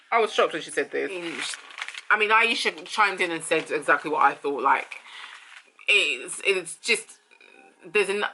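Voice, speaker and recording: A woman's voice: medium pitch, sharp tone. A woman giving casual, opinionated commentary on a reality show, talking in a chatty way with many fillers. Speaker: reality TV reviewer.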